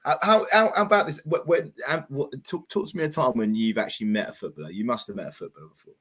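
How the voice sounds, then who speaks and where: A man's voice: medium pitch, quick pace, fairly bright tone. A man co-hosting a casual football comedy chat, full of matey banter and calling his partner "mate". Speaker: co-host.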